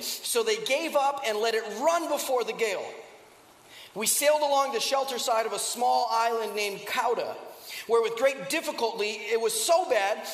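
A male preacher retelling a scripture story in a conversational tone, with many rhetorical questions, in a church. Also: very high voice. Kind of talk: sermon. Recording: echoey hall with long reverb.

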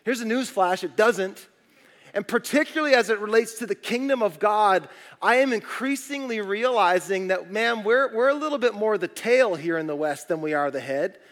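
A man's voice: sits high, animated, moderate pace, fairly bright tone. A middle-aged male pastor giving a conversational sermon in a church, asking the congregation questions. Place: church auditorium. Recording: long reverb of a large hall.

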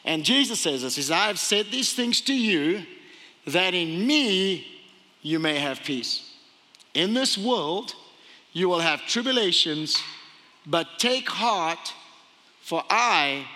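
High, bright-voiced male pastor preaching. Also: slow, pauses often, long reverb tail. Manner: animated, acts out quoted voices. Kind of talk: sermon.

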